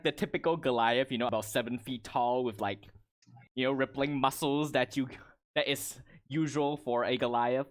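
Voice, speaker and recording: A man narrating a tabletop game as game master, in a casual, rambling way with many fillers. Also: medium pitch.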